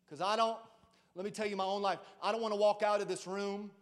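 A man preaching an Easter sermon to a church congregation, calling out to the crowd for a response and swinging between shouted lines and hushed ones. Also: high voice, fairly even intonation, fairly quick. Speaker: pastor. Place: church service before a congregation.

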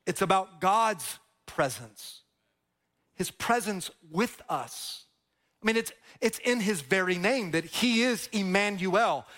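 A man's voice: high-pitched, animated, slow, a bit bright. A male pastor preaching a sermon, impassioned and repetitive, leading the congregation in call-and-response.

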